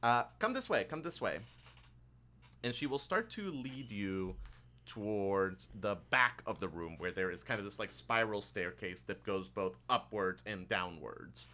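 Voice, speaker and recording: Bright-voiced man narrating a tabletop game. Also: fairly low pitch, lively intonation, a little slow. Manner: loose, improvised narration with many fillers. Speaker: game master.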